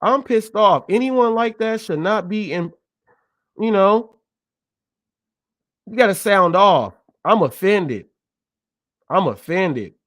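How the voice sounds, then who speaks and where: Speaking slowly with frequent pauses, a high-pitched Californian man delivers heated live commentary on his gig-economy show, ranting indignantly and repeating points for emphasis. His intonation is lively and his tone fairly bright, the recording dry; he is an adult and a parent.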